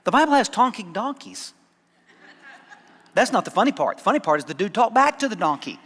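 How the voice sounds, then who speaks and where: A man's voice: high-pitched, very animated, a little fast, a bit bright, big-room sound. A man preaching a sermon as pastor, conversational and dryly sarcastic, often repeating words as he starts a thought. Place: church sanctuary.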